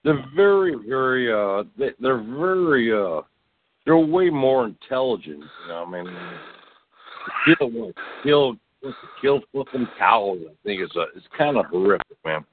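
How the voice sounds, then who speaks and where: A man's voice: medium pitch, sing-song, measured pace. A man rambling through a profane comedic monologue, drawling and tacking "man" onto his lines. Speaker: podcast host. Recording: tinny phone-like sound.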